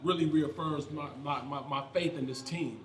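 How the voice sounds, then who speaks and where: Animated ex-player telling locker stories. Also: male voice, fairly high pitch, moderate pace. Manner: animated storyteller, yells quoted lines. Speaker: former NFL player, panelist. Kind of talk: casual sports chat, storytelling. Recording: echoey room with crowd noise.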